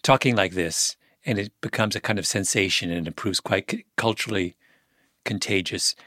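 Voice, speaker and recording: A man's voice: lowish voice, steady tone, fairly quick, pushed and bright, dry recording. Inquisitive male interviewer, dry close sound. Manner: inquisitive, builds to emphatic points. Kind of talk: conversational interview.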